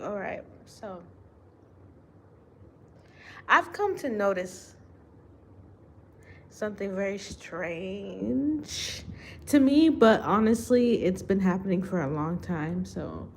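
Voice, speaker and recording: A woman speaking unscripted to her viewers as a spiritual reader, slow and deliberate, with long pauses and restarts. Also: medium pitch, expressive, creaky, slight background noise. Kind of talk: unscripted spiritual monologue to camera.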